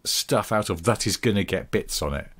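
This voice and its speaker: A man's voice: lowish voice, expressive, normal speed, a bit bright, breathy edge. A man co-hosting a comedy podcast, talking in a rambling, casual way full of 'sort of'. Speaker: podcast co-host.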